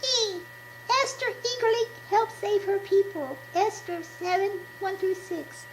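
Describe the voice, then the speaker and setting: A woman voicing a sweet, eager little girl puppet who reads slowly and carefully in a children's puppet show. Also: very high voice, pitched above the performer's own voice, rough recording. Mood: reading carefully. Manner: slow, careful storybook reading. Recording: steady background noise.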